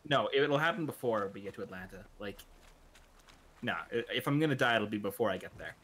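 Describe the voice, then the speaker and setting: A man's voice: fairly low pitch, expressive, brisk, fairly bright tone. A man co-hosting a game stream, rambling anxiously and joking at his own expense. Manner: anxious, rambling, self-deprecating. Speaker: stream co-host. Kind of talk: casual live-stream chat.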